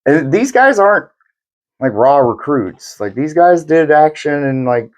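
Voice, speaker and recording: A man's voice: a little high, sing-song, unhurried, a little mellow. Profane rambling young guy telling history. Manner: profane, rambling storyteller, acts out quotes. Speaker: podcast co-host. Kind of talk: casual history chat.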